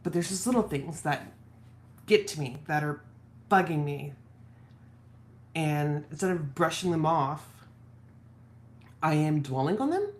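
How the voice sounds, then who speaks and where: A woman's voice: deep voice, expressive, measured pace, long pauses, a little mellow. A woman vlogger candidly telling a personal story from home, quoting her husband and herself as she goes. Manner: candid, reflective, quotes husband in her own voice. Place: at home office.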